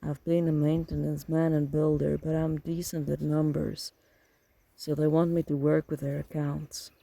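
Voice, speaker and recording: A man voicing a polite, careful young man in an audiobook, in a flat, gravelly voice. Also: fairly high pitch, moderate pace, low-quality recording. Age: young adult.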